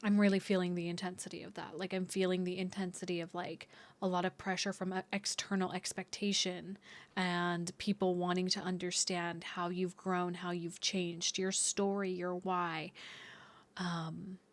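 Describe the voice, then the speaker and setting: A woman's voice: on the low side, flat delivery, moderate pace. A woman giving an intuitive tarot reading to her viewers, talking in a dreamy, searching way with many fillers and restarts. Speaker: tarot reader.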